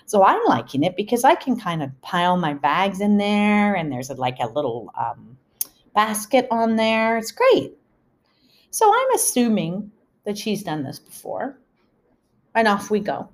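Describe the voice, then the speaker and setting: A woman's voice: mid-range voice, sing-song, unhurried. A middle-aged woman hosting a podcast, telling family stories in a chatty, casual way and laughing now and then. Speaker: podcast host. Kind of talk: casual storytelling.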